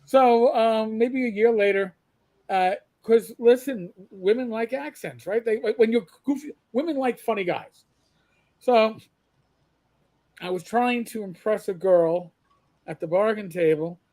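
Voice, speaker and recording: A man on a casual gaming podcast, telling lively anecdotes and acting out what he and others said. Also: high voice, measured pace. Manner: animated storyteller acting out his own quotes.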